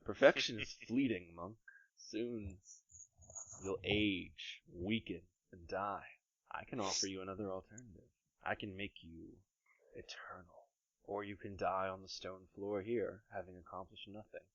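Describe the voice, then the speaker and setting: A man voicing a sinister male smoke spirit that tempts the dying in a slow, hushed, menacing voice, in a tabletop game podcast. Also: sits low, fairly even intonation, no room sound. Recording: dry, slightly dull podcast mic.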